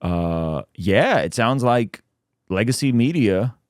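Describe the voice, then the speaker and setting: Animated man hosting a dry-sounding podcast. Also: slow pace, no echo. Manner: animated, excitable, voice jumps high when reacting. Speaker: podcast host. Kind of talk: casual commentary chat.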